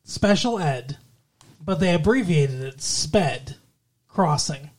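A man's voice: a little high, lively intonation, slow, slightly rough. A man co-hosts a casual podcast chat, leaning into crude jokes and laughing at his own punchlines. His delivery is loose and playful throughout. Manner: joking, tells crude jokes and laughs often. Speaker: podcast co-host.

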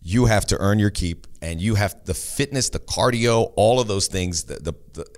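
A man's voice: fairly low pitch, normal speed, a little mellow. A man co-hosting a casual soccer talk show, chatting and answering listener questions. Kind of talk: casual sports chat. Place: studio near the team's home ground.

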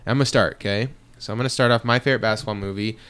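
A man's voice: on the low side, fairly even intonation, rapid-fire, fairly bright tone, smooth. A tired young man hosting a casual sports podcast, rambling along with many fillers and restarts. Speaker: podcast host.

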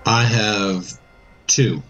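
A man playing in a tabletop game, talking casually and slowly. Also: fairly low pitch, fairly even intonation, fairly bright tone, muffled recording, soft background music. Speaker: player.

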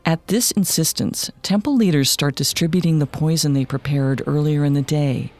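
A man narrating a scripted true-crime story in a measured, matter-of-fact way. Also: a little high, a little mellow, soft background music. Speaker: podcast narrator.

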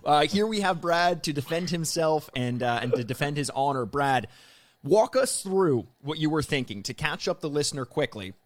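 A man hosting a podcast, introducing a guest in a chatty, joking way with quick asides. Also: fairly high pitch, lively intonation. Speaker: podcast host. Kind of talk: casual podcast chat.

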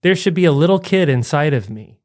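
A podcast co-host with a highish voice talks briskly through a movie review, recorded in clean studio sound with no echo. The casual film chat is loose and animated, rambling along with frequent "like" fillers.

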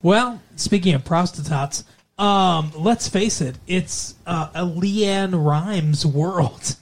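A man's voice: high voice, slow. A man hosting a podcast, chatting casually and playfully with his co-host and joking around. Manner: jokey, playful, repeats intros in a mock radio-DJ voice.

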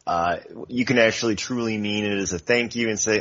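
A man co-hosting a casual football podcast, talking in a relaxed, wry way. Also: on the low side, a little fast. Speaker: podcast co-host. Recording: dull lo-fi sound.

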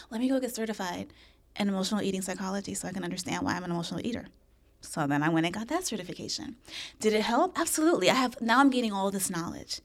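A woman talking in a casual podcast conversation, candid and expressive, swearing freely and acting out her old thoughts. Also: medium pitch, very fast. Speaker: podcast guest.

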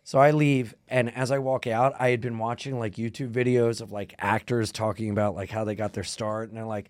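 A comedian co-hosting a podcast, telling stories in animated fashion, acting out the people he quotes and laughing often. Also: fairly low pitch, brisk, hardly any pauses, dry recording. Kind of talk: casual comedic chat.

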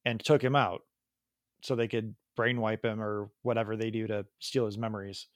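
A man's voice: fairly low pitch, level tone, normal speed, no echo, clean studio sound. A man co-hosting a podcast, chatting casually and rambling through jokes about films. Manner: rambling, joking. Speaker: podcast co-host. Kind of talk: casual chat.

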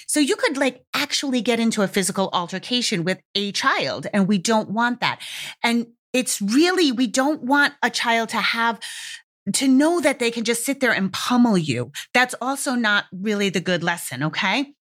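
A woman's voice: a little high, animated, moderate pace, a bit bright. A woman hosting a parenting podcast, giving frank, conversational advice with the odd swear word. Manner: frank, candid, casually profane, conversational. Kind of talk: casual advice podcast monologue.

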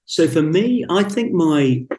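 A man's voice: fairly high pitch, big pitch swings, slow, dark tone. Wry, self-mocking man in a roomy space. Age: 50s. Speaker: podcast guest, speaker and author. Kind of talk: casual conversation. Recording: roomy echo.

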